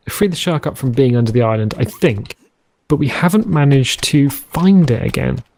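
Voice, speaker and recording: A man hosting a let's play, chatting and musing aloud in a rambling way while he plays a survival game. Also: fairly high pitch. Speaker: gaming channel host.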